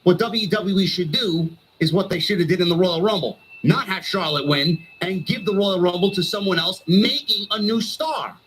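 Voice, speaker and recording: A man's voice: sits high, normal speed, hardly any pauses, a bit bright, a little hiss or hum, rough recording. A male streamer delivering a heated, sarcastic wrestling rant full of swearing.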